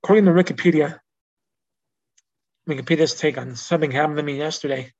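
Guy doing a chill solo music podcast, bit higher voice, reads notes then rambles and corrects himself, muffled lo-fi sound. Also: fast, a little mellow. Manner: rambling, with restarts and self-corrections; reads out notes in a plain informational way. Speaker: podcast host. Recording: dull lo-fi recording.

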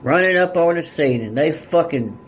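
A man's voice: a little high, lively intonation, moderate pace, husky. Profane, blunt man telling a story. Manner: blunt and heavily profane, rural dialect. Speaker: podcast guest. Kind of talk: casual storytelling.

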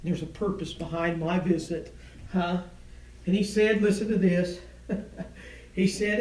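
A man preaching a sermon in a chanting cadence, tagging lines with "huh?" and swinging from low murmurs to shouted peaks. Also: steady tone, unhurried, long pauses. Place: church. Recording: echoey room from far off.

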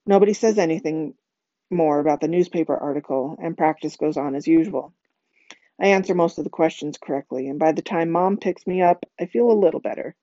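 Woman reading a novel aloud, mellow. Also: low-pitched, fairly quick, no echo, muffled recording. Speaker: reader.

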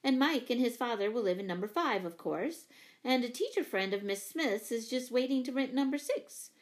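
A woman's voice: on the high side, expressive, moderate pace, natural voice. A woman voicing a practical, chatty mother who works as a librarian, read for a children's storybook. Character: middle-aged mother and librarian, brisk, practical.

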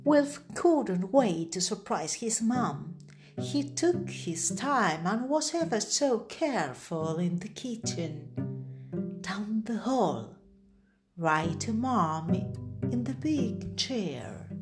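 A woman reads a children's picture book aloud at a very slow, lingering pace. Her voice rises and falls in a lively, sing-song way. Gentle music plays behind her. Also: mid-range voice. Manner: expressive, lingering on words. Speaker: storybook reader. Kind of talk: children's story read-aloud. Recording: music playing underneath.

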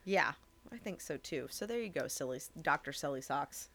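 Woman co-host, lowish gravelly voice, lively and playful. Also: moderate pace. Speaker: teacher and podcast co-host. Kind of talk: casual chat.

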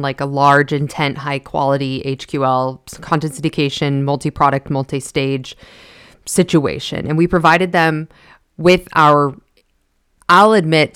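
A woman with a low, smooth voice talks through a casual podcast monologue, blunt and exasperated. She swears freely as she vents. The close mic sounds dry, with no room around it. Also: a bit bright, no room sound. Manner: frank, exasperated venting with swearing. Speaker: podcast host.

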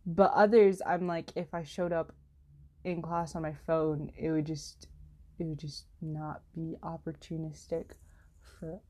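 Rambling teenage girl vlogging. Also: measured pace. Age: teens. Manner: rambling, heavy use of "like" and "literally"; animated, jumps in pitch when exasperated. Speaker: student vlogger. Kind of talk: casual chat to camera.

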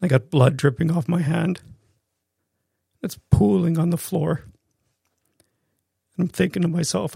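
A man's voice: fairly high pitch, unhurried, creaky, long pauses, dark tone, slightly rough, no echo, clean studio sound. A man co-hosting a podcast, telling a personal story in an intense, raw way, with swearing and many restarts. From Canada. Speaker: podcast co-host. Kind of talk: personal story told in casual conversation.

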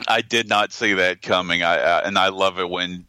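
Man, low pitch and a dry sound, podcast host, halting recap. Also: fairly even intonation, sharp tone, clear, resonant tone, no room sound. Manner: halting, restarts and searches for words. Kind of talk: casual film chat.

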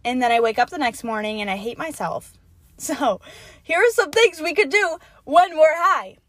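A young woman with a high voice hosts her own podcast, talking on and on and cursing all the time. She swings from quiet mumbling to loud, indignant yelling. The sound is dry and close, with no room echo. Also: expressive, normal speed. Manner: profane, rambling, swings from mutter to loud yelling. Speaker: podcast host. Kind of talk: solo podcast rant.

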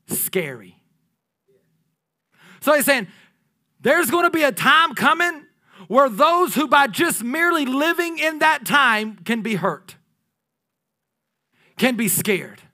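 A man preaching a sermon, lively and playful, swinging from loud declarations down to hushed near-whispers. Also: very high-pitched. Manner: playful asides with laughter to the congregation.

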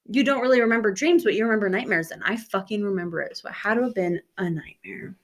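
A young woman co-hosting a podcast in a loose, chatty way. She tells stories with frequent swearing and easy laughter, in a voice of ordinary pitch. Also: fast talker. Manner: chatty storyteller, swears freely, laughs often. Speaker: podcast co-host. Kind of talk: casual chat.

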